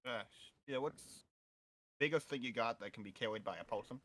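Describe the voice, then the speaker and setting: Brief: male player, unsure and halting, average pitch. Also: fairly bright tone, a little hiss or hum. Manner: hesitant, filler-heavy. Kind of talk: casual chat at a game table.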